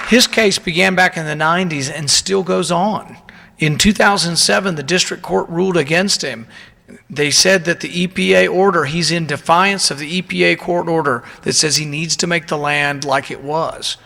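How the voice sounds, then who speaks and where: A man's voice: a little high, moderate pace, creaky, sharp tone, a faint crowd. Indignant man speaking in a hall. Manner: indignant, emphatic, storytelling. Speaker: politician giving a speech. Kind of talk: public speech.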